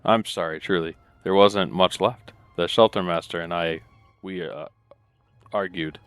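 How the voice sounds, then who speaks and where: Deep, clear-voiced, kindly male priest from a gritty game, with a musical lilt and a soothing, pious calm, read out by a man. Dry, close sound. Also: unhurried, dry recording. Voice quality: lilting, musical delivery.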